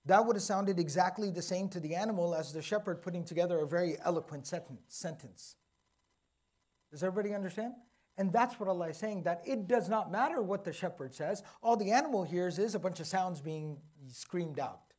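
Guy teaching a religious class, slows down on the key words, keeps asking okay? right?. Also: high-pitched, a little mellow. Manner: explanatory, checks in often with "okay?" and "right?". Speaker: Quran teacher. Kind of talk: religious lecture to a live audience.

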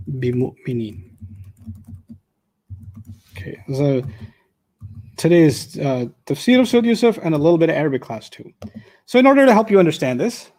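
A man's voice: a little high, darkish tone. A man teaching a live class, explaining step by step and asking the room rhetorical questions, with joking asides.

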